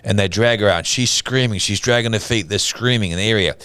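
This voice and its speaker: A man's voice: on the low side, brisk, sharp tone, smooth, no echo, clean studio sound. A middle-aged man co-hosting a church talk show, telling a story dramatically and acting out the quotes. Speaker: church podcast co-host. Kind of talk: casual storytelling chat.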